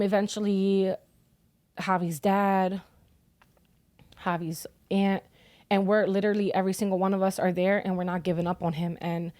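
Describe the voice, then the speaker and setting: A woman's voice: mid-range voice, a little mellow, dry recording. A young woman telling, as a podcast guest, how she lost her son, talking bluntly and swearing often. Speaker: grieving mother as podcast guest. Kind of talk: emotional personal storytelling.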